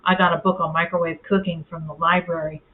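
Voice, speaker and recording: A woman's voice: fairly low pitch, flat delivery, fast. A woman telling a personal story in a casual, rambling vlog, full of fillers and restarts. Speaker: vlogger. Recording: tinny, phone-like audio.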